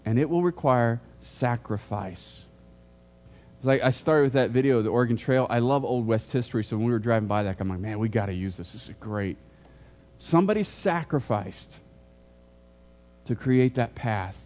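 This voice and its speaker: Middle-aged pastor telling stories, dull recording. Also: male voice, medium pitch, animated, normal speed, darkish tone. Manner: storytelling, jokes and questions to the congregation. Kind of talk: sermon.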